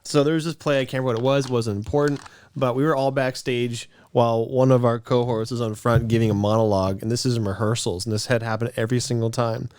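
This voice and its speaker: A man's voice: medium pitch, fairly even intonation, darkish tone, clean tone, dry recording. A man co-hosting a podcast in casual chat, telling stories and laughing often. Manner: laughs often, quick storytelling. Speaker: podcast co-host.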